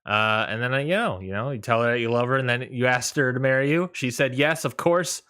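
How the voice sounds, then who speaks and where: A young man co-hosting a podcast, chatting casually and rambling through a personal story with frequent laughter. His voice is bright and ringing, and his pitch is middle for a man. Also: a little fast, clear, resonant tone. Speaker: podcast co-host.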